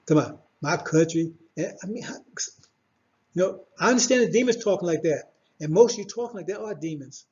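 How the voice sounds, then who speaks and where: High-voiced preacher man, dull recording. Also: animated, fairly quick, a little mellow. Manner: preachy, repetitive, confrontational, rhetorical questions. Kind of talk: sermon.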